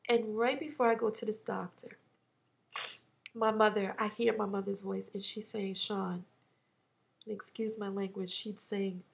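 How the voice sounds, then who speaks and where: A woman in her thirties talking through a personal loss in a vlog, halting and heartfelt, close to tears at times. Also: mid-range voice, steady tone, gravelly. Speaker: vlogger.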